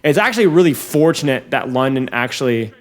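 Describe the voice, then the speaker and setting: A man coaching viewers through a match review in casual commentary, talking straight to them and getting excitable when plays swing. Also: medium pitch, a little fast.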